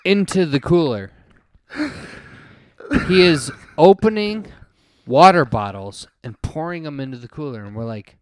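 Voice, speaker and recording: A man co-hosting a casual podcast, telling loud, animated stories and acting out his friends' lines. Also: a little high, unhurried, pauses often, no room sound, clean studio sound. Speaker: podcast co-host. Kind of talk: casual storytelling chat.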